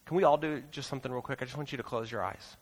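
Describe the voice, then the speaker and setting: A pastor preaching a sermon in a church auditorium, earnest and pleading, moving into prayer. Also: male voice, mid-range voice, very fast, big-room sound.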